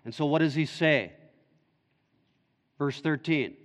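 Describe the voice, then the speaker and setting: A man's voice: fairly high pitch, takes it slowly. A male pastor preaching an expository sermon in an earnest, explaining way. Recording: dull echoey church hall recording.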